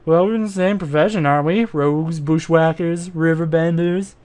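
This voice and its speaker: A man's voice: on the high side, steady tone, moderate pace, darkish tone, clean tone, natural voice. A man voicing a boastful, flirtatious male adventurer in a mystery game, with a drawling, self-satisfied manner.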